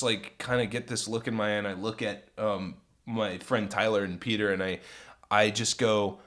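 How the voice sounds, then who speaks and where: A man's voice: mid-range voice, fairly bright tone. A young man co-hosting a podcast, telling a comic story in a profane, rambling way full of "like". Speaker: podcast co-host.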